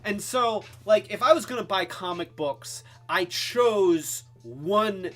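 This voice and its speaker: A man's voice: high-pitched, expressive, slow pace, fairly bright tone. A man hosting a casual live-stream toy review, rambling and joking, with lots of restarts and asides. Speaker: host.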